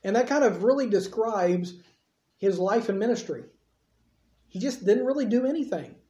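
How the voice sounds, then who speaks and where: A preacher gives a sermon in an easy, conversational storytelling style, dropping offhand asides. His mellow, dark voice has medium pitch and an animated delivery at a moderate pace, echoing through a church with a slightly dull sound.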